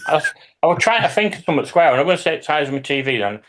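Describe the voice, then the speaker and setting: A man, a hobby YouTuber, telling lively anecdotes in casual chat with some swearing. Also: fairly high pitch, very fast, a little hiss or hum.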